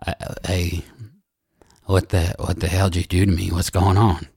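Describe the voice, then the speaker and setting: A man's voice: deep voice, flat delivery, moderate pace, gravelly, a little mellow, breathy edge, no echo, studio quality, pitched below the performer's own voice, heavily acted. A man voicing a hot-tempered, scared and injured man in a tabletop game, with a West Virginia drawl and plenty of swearing. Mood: groggy, confused.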